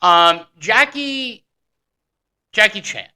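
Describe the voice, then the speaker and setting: Male talk radio host, bright sharp tone, excitable, rambling banter. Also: sits high, drawn-out words, clear, resonant tone.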